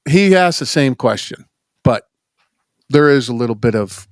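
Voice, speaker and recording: A man's voice: medium pitch, lively intonation, a little slow, no echo, studio quality. A man hosting a casual podcast chat, joking and swearing as he tells stories. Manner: profane, joking, conversational. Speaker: podcast host.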